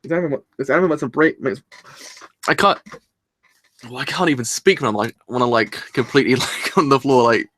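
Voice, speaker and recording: A man doing a live reaction review from his room, rambling excitedly and swearing casually, with a sore throat. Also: medium pitch, brisk. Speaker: anime reviewer.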